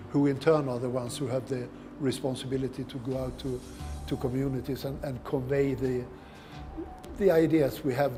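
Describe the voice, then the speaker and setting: A man in a documentary interview, listing points hesitantly in a reverberant room. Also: mid-range voice.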